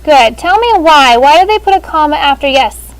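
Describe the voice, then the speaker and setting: A woman teaching sixth grade language in a classroom, speaking through a face shield and calling on students by name in a brisk manner. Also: high-pitched, expressive, rough recording.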